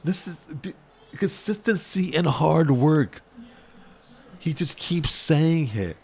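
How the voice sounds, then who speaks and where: A man giving casual, excitable sports commentary in a vlog, rambling and repeating his words as he gets worked up. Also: fairly high pitch, takes it slowly, slightly rough.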